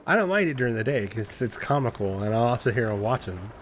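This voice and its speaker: A man streamer chatting casually, telling an animated story in a loose, profane way and imitating cat noises. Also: medium pitch, quick pace, slight background noise. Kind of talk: casual chat.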